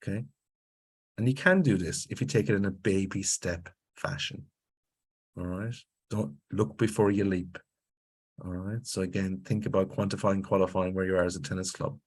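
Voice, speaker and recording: A man's voice: low-pitched, fairly even intonation, normal speed. A man with an Irish accent, presenting an instructional webinar as a grants consultant, emphatic and lecturing, often checking in with his audience.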